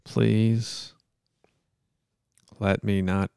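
Gravelly low-voiced man hosting a podcast. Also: flat delivery, drawn-out words, darkish tone, no room sound, clean studio sound. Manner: joking, mock-solemn praying. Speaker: podcast host. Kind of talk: casual podcast chat.

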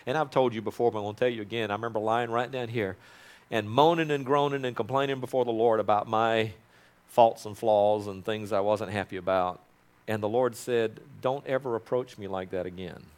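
Brisk and smooth, this pastor's lowish voice keeps a fairly even intonation. In his sermon he goes from loud, fervent praying to quiet, personal asides, and invites the congregation to say phrases back to him.

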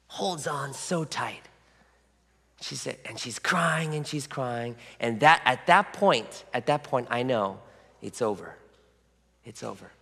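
A male pastor giving a sermon in a reflective, storytelling way, his pitch rising and falling with lively swings. He often drops into soft, hushed asides, and his voice rings in a long hall reverb. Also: gravelly.

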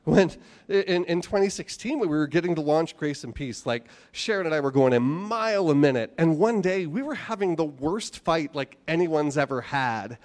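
A man preaching a sermon, animated, asking rhetorical questions and acting out the voices of the people he quotes. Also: fairly high pitch, normal speed. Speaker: pastor.

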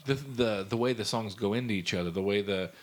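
A man co-hosting a casual chat, talking in an animated, rambling way and swearing freely. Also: fairly low pitch, fairly quick. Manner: animated, profane, rambling enthusiasm. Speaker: podcast co-host.

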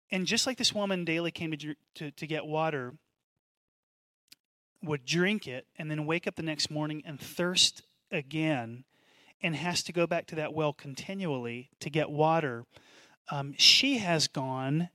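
A man preaching a sermon as pastor, in an animated, conversational way with asides. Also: on the high side, dry recording.

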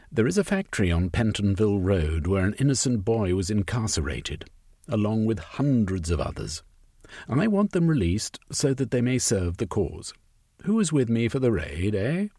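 A man's voice: fairly low pitch, sing-song, moderate pace, dark tone, no room sound, studio quality. A man voicing a stubborn, scheming male political agitator who ends his points with a questioning eh in an audiobook story. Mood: rousing. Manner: tags statements with a questioning eh.

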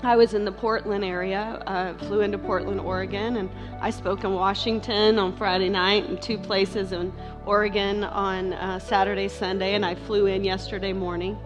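A middle-aged woman giving a heartfelt personal testimony at church, halting, with many fillers and restarts. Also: mid-range voice, level tone, muffled recording, over music. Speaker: speaker sharing testimony at a church.

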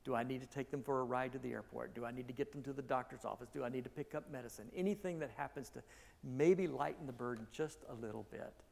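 A man's voice: mid-range voice, fast, gravelly, darkish tone. A male pastor giving a conversational sermon, correcting himself as he goes and rising in emphasis at key points. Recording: long reverb of a large hall.

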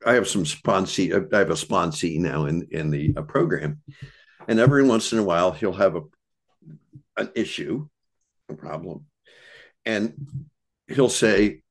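A man's voice: deep voice, animated, unhurried, creaky, long pauses. A man talking as a podcast guest in casual conversation, reflective and searching for his words.

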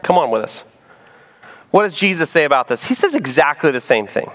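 Animated preacher man, lively pitch. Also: fairly quick. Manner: animated, playful, drops to soft emphasis. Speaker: pastor. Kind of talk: sermon.

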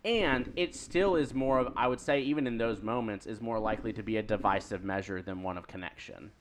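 Hombre de voz grave y reflexiva. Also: male voice, lowish voice, brisk. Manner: earnest, reflective, frequent "um" and "correct". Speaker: podcast co-host. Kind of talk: casual discussion.

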